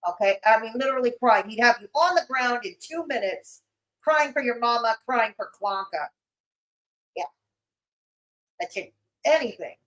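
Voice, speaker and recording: A woman's voice: a little high, expressive, normal speed, pauses often, fairly bright tone, low-quality recording. A woman streamer giving blunt, mocking reaction commentary on a livestream.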